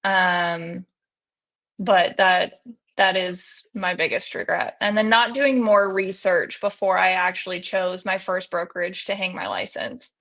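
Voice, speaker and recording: Young woman realtor, relaxed chat. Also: on the low side, measured pace. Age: young adult. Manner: relaxed, conversational, hedging fillers. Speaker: guest realtor. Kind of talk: casual interview chat.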